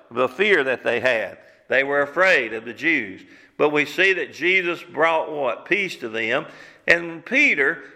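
A man's voice: fairly high pitch, creaky, bright, forceful tone. A man preaching a sermon as pastor, using fervent rhetorical questions. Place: church sanctuary. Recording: long church hall reverb.

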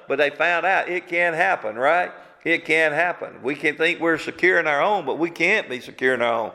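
A middle-aged preacher delivering an emphatic sermon full of rhetorical questions. His gravelly, bright voice sits a little high. It rings through a long hall reverb. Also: normal speed, hardly any pauses.

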